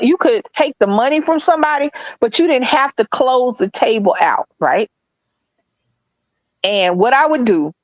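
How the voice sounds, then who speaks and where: Swearing freely and speaking with loud, easy confidence, this blunt woman co-host gets animated as she tells a story during a casual podcast chat. Her slightly high voice is captured dry and close, with no echo, on a rough recording.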